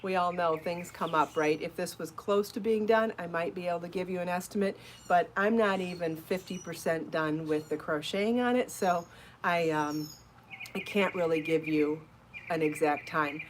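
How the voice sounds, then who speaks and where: A woman's voice: lowish voice, normal speed. Woman host, home live stream: chatty, upbeat, encouraging, laughs easily, faint hiss behind her. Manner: chatty, encouraging, laughs often, answers viewer comments. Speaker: podcast host and crochet designer. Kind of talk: casual live-stream chat.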